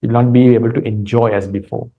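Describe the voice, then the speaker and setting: Gravelly-voiced Sri Lankan monk, calm teaching. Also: male voice, medium pitch, quick pace, phone-quality sound. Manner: calm, explanatory, many fillers and restarts. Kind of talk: dharma talk retelling a story.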